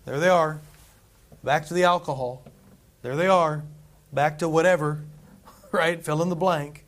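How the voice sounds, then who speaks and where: A man's voice: on the high side, steady tone, unhurried. Man preaching in a loose, conversational way. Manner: conversational preaching, repeats phrases for emphasis. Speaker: pastor. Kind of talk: sermon.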